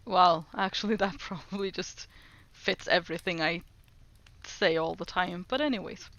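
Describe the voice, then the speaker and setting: A woman's voice: lowish voice, moderate pace, a bit bright, no echo, highs cut off. A woman streamer chatting casually while doing language lessons, repeating foreign phrases aloud and giggling often.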